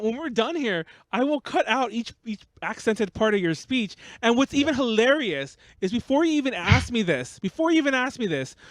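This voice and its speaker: Fast-rambling young man with an LA accent. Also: high voice, no room sound. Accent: Los Angeles. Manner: rapid, rambling, many restarts. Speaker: podcast host. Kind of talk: casual chat.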